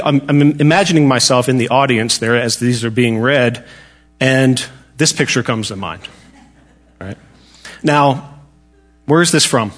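A man leads a Bible study in an easygoing, conversational way. He talks at a mid pitch, pauses often and restarts his sentences, and drops in light jokes as he goes. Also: fairly bright tone. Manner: casual, joking, halting with restarts. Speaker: Bible teacher.

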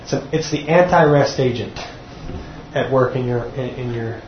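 A man's voice: mid-range voice, normal speed, a little hiss or hum. Man teaching a sermon in an echoey room. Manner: earnest, repeats words when restarting. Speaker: teacher at a church class. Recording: dull echoey room recording.

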